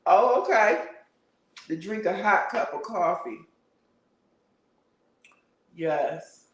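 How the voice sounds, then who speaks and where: Chatty guy with a high voice doing a casual live stream, echoey room. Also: animated, extremely slow, far from the mic. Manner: chatty, laughs often, answers viewer comments. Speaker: livestream host. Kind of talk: casual livestream chat. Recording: roomy, a bit off-mic.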